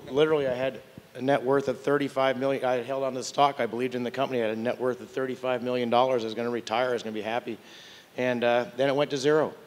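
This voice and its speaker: Older male panelist, candid and wry, trips over his words, mid-pitched voice, long hall reverb. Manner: candid, wry, stumbles and restarts. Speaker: tech panelist. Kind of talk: conference panel storytelling.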